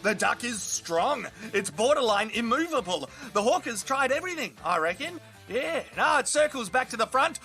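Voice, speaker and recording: An Australian man giving crude, excitable mock sports commentary, shouting at big moments. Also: extremely high pitch, normal speed, faint music behind. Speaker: comedy fight commentator.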